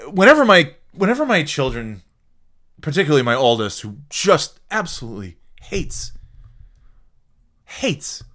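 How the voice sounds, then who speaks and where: A man's voice: mid-range voice, a bit bright. A middle-aged man hosting a podcast in casual chat, rambling and restarting sentences, swearing casually and laughing often. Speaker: podcast host.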